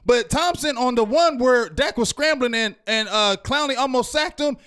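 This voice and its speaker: A man delivers a heated postgame rant in a strikingly high voice. He is loud and fired up, hammering his points and checking in with the listener again and again. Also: moderate pace, smooth. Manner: loud, fired-up ranting with repeated "you feel me?". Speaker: fan show co-host.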